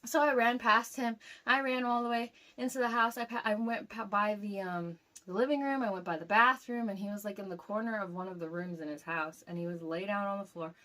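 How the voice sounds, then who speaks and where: A young woman casually telling a dream to camera, rambling with lots of fillers and getting animated as the story goes. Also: medium pitch, brisk, hardly any pauses. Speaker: vlogger recounting a dream.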